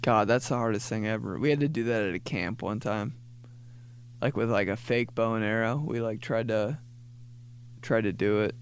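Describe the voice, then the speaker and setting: A man's voice: fairly low pitch, normal speed, clean tone. A man in his late twenties riffing casually in a comedic monologue, rambling with lots of filler words and restarts. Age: late 20s. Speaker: podcast host.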